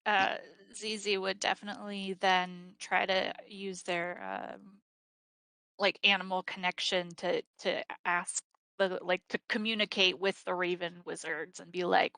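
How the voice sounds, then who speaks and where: A woman's voice: on the low side, level tone, unhurried, vocal fry, sharp tone, dry recording. A woman playing a tabletop game, chiming in with brief supportive comments. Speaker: player.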